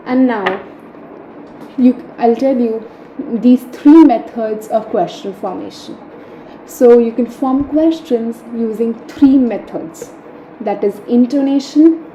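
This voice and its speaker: Young female tutor, patient explainer, dark mellow tone, roomy echo with faint hum. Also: fairly high pitch. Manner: patient, repeats key points with "right?". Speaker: French teacher. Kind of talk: explaining grammar step by step. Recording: echoey room, faint hum.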